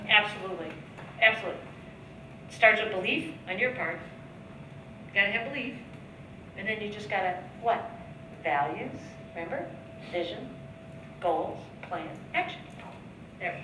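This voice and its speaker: Woman doing a sales seminar, asks the crowd questions a lot, echoey room, mic kinda far away, bit of hiss. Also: mid-range voice. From United States. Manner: coaching the audience with rhetorical questions and acted-out sales dialogue. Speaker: sales trainer speaking at a seminar. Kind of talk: motivational seminar talk. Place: seminar room, heard from a distance. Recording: echoey room, distant mic, faint background noise.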